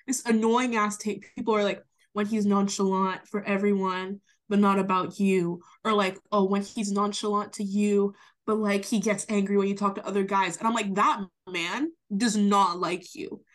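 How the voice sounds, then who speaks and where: A woman's voice: medium pitch, flat delivery, moderate pace. Young woman co-host, casual podcast chat, emphatic and opinionated, mid-range voice. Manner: emphatic, opinionated, gets hyped.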